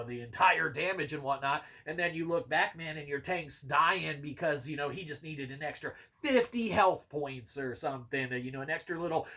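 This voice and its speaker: A man talks through a video game review in a loose, rambling way, leaning on filler words and tossing in curses and dry sarcasm. His voice sits a little higher than most men's. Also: fairly bright tone. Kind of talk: casual rambling commentary.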